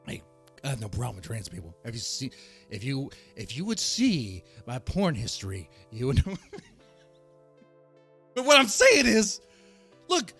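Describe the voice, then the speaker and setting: A man hosting a ranting commentary show, heated and emphatic, who repeats himself and restarts his sentences and sometimes rises to a shout. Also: medium pitch, wildly swooping pitch, a little slow, long pauses, faint music behind. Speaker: host of a reaction and rant channel.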